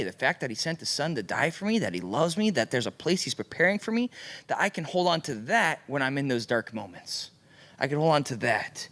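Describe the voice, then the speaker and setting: A man preaching a youth sermon, acting out little conversations in different voices. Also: mid-range voice. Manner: animated, acts out voices in little skits. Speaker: youth pastor. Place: church youth room.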